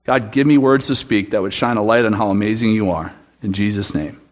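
A man's voice: fairly low pitch, brisk. A man giving an earnest, emphatic sermon testimony in a church room, often restarting his sentences. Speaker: guest speaker at a church.

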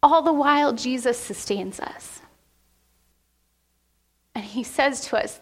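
Woman preacher in church, slow heartfelt sermon, bit of vocal fry. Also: high-pitched. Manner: emotional, heartfelt preaching with pauses. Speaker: pastor. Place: church sanctuary.

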